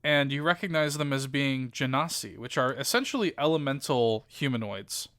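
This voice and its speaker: A man narrating a tabletop game as game master, descriptive and halting with frequent fillers. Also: medium pitch, animated, a bit bright, dry recording, clean studio sound.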